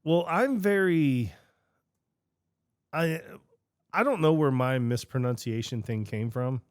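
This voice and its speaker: A man co-hosting a casual podcast in a playful, stubborn way. He stands by his point with deadpan jokes. The recording is dry and close to the mic. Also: mid-range voice, slow pace, no room sound. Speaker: podcast co-host.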